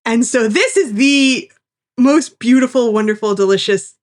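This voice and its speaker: A woman's voice: on the high side, lively intonation, measured pace. A woman co-hosting a podcast, recapping an episode in casual chat and acting out the characters' lines with enthusiasm. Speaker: podcast co-host.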